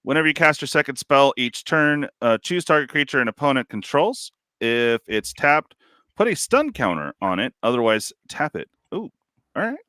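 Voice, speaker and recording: Bright, crisp-voiced male podcast host. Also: mid-range voice, normal speed, no echo, clean studio sound. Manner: relaxed, laughing, lots of fillers. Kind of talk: casual podcast chat.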